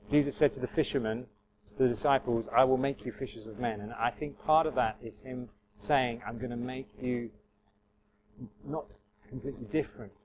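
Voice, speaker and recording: Male pastor, sermon, earnest, conversational, restarts phrases, middling pitch, slightly muffled church recording, faint hiss. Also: a little mellow.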